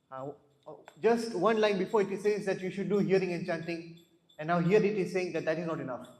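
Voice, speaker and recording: In an echoey temple hall with slight background noise, a man gives a scripture class, asking listeners questions, telling stories and often repeating words. His voice is high, fairly quick and a little mellow.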